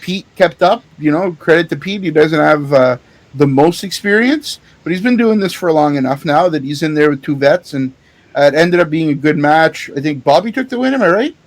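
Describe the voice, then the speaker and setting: Animated storytelling podcast co-host man. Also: fairly high pitch, moderate pace. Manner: animated storyteller, swears freely, laughs often. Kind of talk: casual chat, recounting a show.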